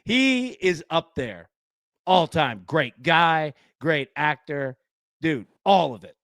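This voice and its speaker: Joking sports-betting host with a dry close mic. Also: male voice, on the high side, lively intonation, slow, a bit bright, no echo. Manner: laughs often, loose and joking, quotes film lines. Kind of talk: casual live-stream chat.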